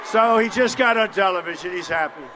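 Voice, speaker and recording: An older man giving a boastful, repetitive campaign rally speech in short punchy phrases, often shouting to the crowd. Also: sits high, brisk. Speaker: political candidate at a rally. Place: large university hall with crowd. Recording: long hall reverb from a live rally.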